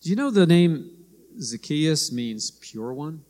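A man preaching a sermon, telling stories and acting out quoted lines in a lively way. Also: takes it slowly. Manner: storytelling, acts out quoted lines with rising pitch. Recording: long hall reverb.

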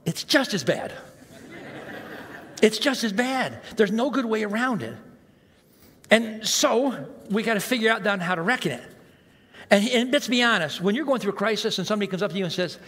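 A man preaching a sermon as pastor, animated and self-mocking, acting out the reactions he quotes. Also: a little high, normal speed. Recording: long hall reverb.

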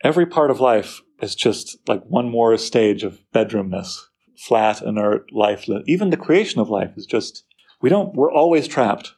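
A man lecturing on a poem, lively and full of rhetorical questions to his listeners. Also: lowish voice, moderate pace, husky. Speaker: literature teacher.

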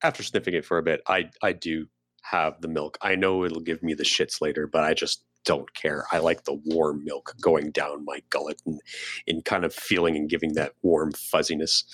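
A man's voice: very deep voice, flat delivery, moderate pace, fairly bright tone, no echo. A man in a tabletop game, playing his character in a laid-back, playful way. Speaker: player.

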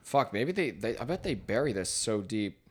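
A man's voice: on the low side, big pitch swings, normal speed. A young man co-hosting a casual comedy podcast, looking things up and reading them aloud with a laugh. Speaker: podcast co-host.

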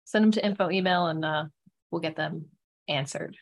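A woman co-hosting a casual podcast, upbeat and quick to laugh. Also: deep voice, creaky. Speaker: podcast co-host.

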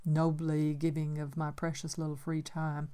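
An older woman gently reading her own memoir aloud in a reflective storytelling manner. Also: low-pitched, monotone, normal speed, smooth.

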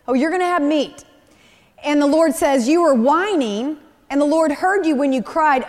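High-voiced woman preaching in a hall. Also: normal speed. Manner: animated, conversational storytelling with voiced asides. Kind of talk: sermon.

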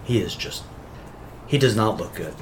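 A man at a tabletop game, calmly describing what his character does. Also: lowish voice, normal speed, background noise. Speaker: player.

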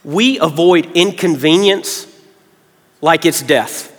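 A man, preaching a sermon to his congregation in an earnest way, going quiet when he gets emotional. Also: a little high, slow. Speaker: pastor. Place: large church hall. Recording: reverberant church hall.

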